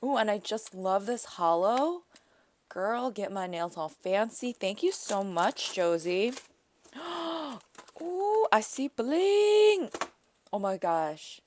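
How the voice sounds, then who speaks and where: A woman in her thirties hosts her own craft channel in a casual, gushing way, full of exclamations. She talks at an unhurried, slow pace, with a mid-range voice. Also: medium pitch, a little hiss or hum. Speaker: craft vlogger. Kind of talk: casual unboxing vlog.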